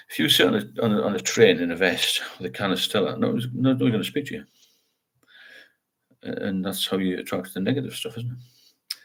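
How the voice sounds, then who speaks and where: A man's voice: fairly low pitch, vocal fry, slightly rough. An older man hosting a casual live chat, talking frankly and rambling, often ending with tag questions. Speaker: livestream host. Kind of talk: casual live chat, reading viewer comments.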